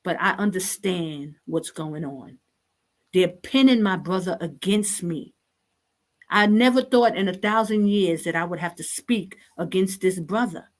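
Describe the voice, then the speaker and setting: Unhurried and fairly low in pitch, this woman runs an online talk show where she berates her audience, exasperated, impassioned and repetitive.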